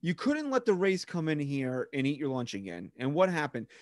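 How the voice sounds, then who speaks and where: A man's voice: fairly high pitch, wildly swooping pitch, normal speed, darkish tone, no room sound, studio quality. Exasperated man talking sports, blunt. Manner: exasperated, blunt, calls his co-host bro and dude. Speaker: podcast co-host. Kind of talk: casual sports podcast banter.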